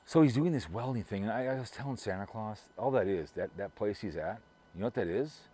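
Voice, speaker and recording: A man's voice: on the low side, lively intonation, brisk, warm tone, slightly rough. A middle-aged man from Minnesota talking to his viewers in a rambling, gossipy way, full of restarts and repeated words. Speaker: vlogger. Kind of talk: casual rambling monologue.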